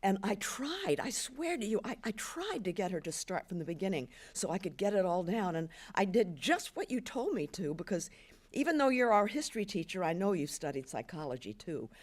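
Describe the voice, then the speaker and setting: A woman's voice: medium pitch, very animated, brisk. A woman voicing an anxious teenage schoolgirl who stammers and pleads with her teacher. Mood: pleading.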